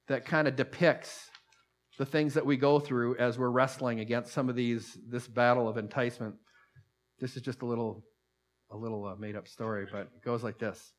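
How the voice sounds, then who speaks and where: A man's voice: mid-range voice, steady tone. Man preaching in a chatty way. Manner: chatty, restarts often, reads stories slowly. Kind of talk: sermon with a read-aloud story.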